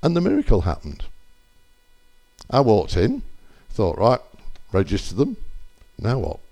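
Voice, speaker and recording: An older man shares testimony at a church gathering. His voice is lively and rises and falls a lot as he rambles through anecdotes. He often stops to correct himself. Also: lowish voice, a little slow.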